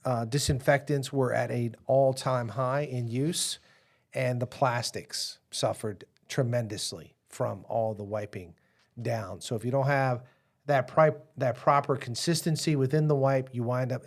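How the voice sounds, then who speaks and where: A man co-hosts a casual live show and explains things in a dry, matter-of-fact way. His voice sits at an ordinary middle pitch. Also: normal speed, darkish tone.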